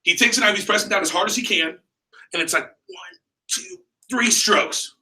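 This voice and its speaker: With a bright, forceful voice that sits high, a man leads a sales training session at a moderate pace, firing questions at his group with energy. It's a seminar-style talk recorded in an echoey training room from a distant mic.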